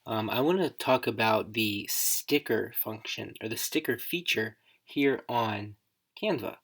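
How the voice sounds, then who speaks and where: A woman educator giving a casual, chatty screen-recorded software walkthrough, thinking aloud as she works. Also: rumbling low, lively intonation, unhurried.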